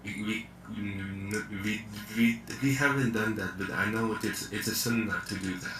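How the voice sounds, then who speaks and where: A man's voice: fairly low pitch, fairly even intonation, moderate pace, a bit bright, slight background noise, low-quality recording. A man calling into an online debate, talking hesitantly with many restarts. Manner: hesitant, full of fillers and restarts. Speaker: caller.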